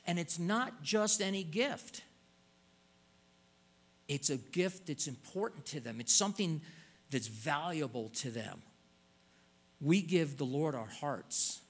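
A man's voice: a little high, lively intonation, slow, long pauses. An older man preaching a sermon in an earnest way, stretching out words and pleading as he stresses points.

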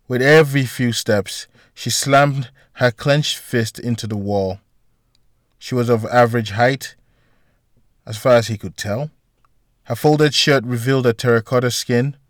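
A man narrating a story in an even, deliberate read-aloud manner. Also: mid-range voice, no echo, studio quality. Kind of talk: storybook reading.

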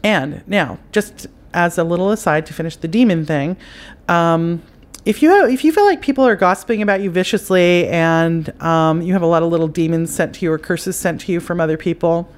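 A woman's voice: on the low side, a little fast. A middle-aged woman hosting an advice podcast, chatting casually and repetitively through spiritual instructions and calling the listener honey.

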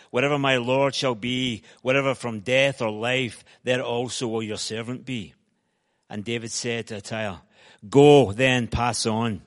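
A Scottish man with a Glasgow accent reads scripture aloud at a steady, measured pace, and his delivery lifts when he voices quoted speech. His pitch sits mid-range for a man. The reading rings out with a long reverb, as in a large hall. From Scotland. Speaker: scripture reader.

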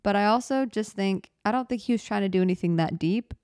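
A woman's voice: medium pitch, a little mellow, clean tone, dry recording. A young woman hosting her own podcast from a small studio apartment, chatting casually, rambling and joking at her own expense, often running short of breath as she talks. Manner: rambling, self-deprecating, talks fast and runs out of breath. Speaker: podcast host. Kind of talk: casual solo podcast chat. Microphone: studio microphone.

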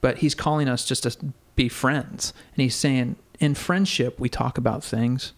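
A man's voice: medium pitch, steady tone, a little slow. A man guest earnestly recounting a personal faith experience in casual conversation, with frequent fillers and restarts. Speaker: podcast guest.

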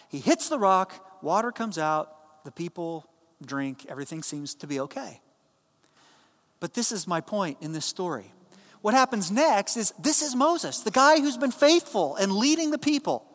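A man giving a sermon as a pastor, telling a story in a plain, conversational way and dropping his voice low and soft when he voices the people in it. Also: big pitch swings, moderate pace, long reverb tail.

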